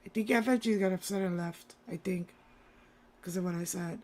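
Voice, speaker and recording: A woman livestreamer talking to her chat, urging calm and then apologizing. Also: fairly low pitch, moderate pace. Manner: pleading, then apologetic and backpedaling.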